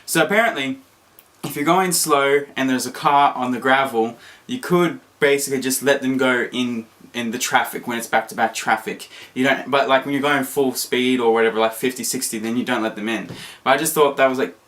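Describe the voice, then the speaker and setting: A young Australian man vlogging, telling a story in a casual, animated way and jumping into high squeaky voices when he acts out what people said. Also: fairly quick.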